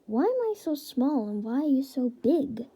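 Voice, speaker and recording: A woman's voice: high voice, lively intonation, moderate pace, warm tone, a little hiss or hum. A woman voicing a young boy reborn as a baby dinosaur, anxious and startled. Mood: confused.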